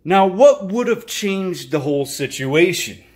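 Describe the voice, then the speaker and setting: A man talks straight to his channel viewers in a loose, unscripted motivational monologue. His voice is pitched a little high for a man and swings widely up and down as he acts out cursing, frustrated outbursts between calmer stretches. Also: unhurried. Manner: animated, swears freely, acts out frustrated outbursts. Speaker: channel host.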